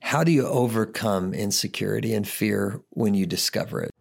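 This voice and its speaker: A man's voice: fairly low pitch, normal speed, creaky. A man on a podcast asking a closing question.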